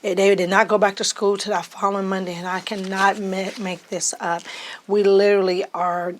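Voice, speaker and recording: A middle-aged woman, a podcast guest, telling her life story in a lively, casual way and jumping high in pitch when she acts out what others said. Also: moderate pace, a little hiss or hum. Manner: animated, acts out quoted speech with big pitch jumps.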